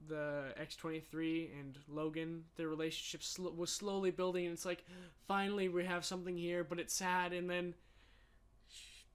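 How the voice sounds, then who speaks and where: Man, podcast co-host, casual movie chat, emotional, animated, fairly high pitch. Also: moderate pace, clean tone.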